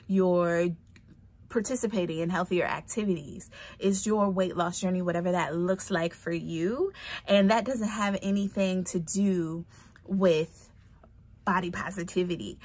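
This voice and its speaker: A young adult woman talks straight into her phone camera in a casual, chatty vlog. She is expressive, laughs easily and drops to a whisper for playful asides, with a voice of middle pitch. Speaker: fitness vlogger.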